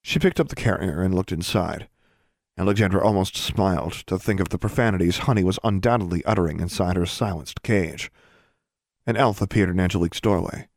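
A man narrating an audiobook in a steady, measured reading. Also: deep voice, vocal fry, dry recording, clean studio sound.

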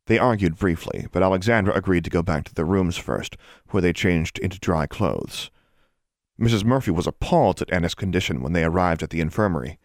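Deep gravelly male storybook reader. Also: a little fast, no echo, studio quality. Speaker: audiobook reader. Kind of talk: storybook narration.

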